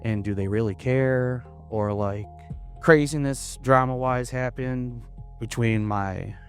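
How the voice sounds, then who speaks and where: A young man from Florida, a comedian guest in a casual interview, talking in a hesitant, halting way with many restarts. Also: mid-range voice, faint music behind. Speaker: podcast guest, stand-up comedian.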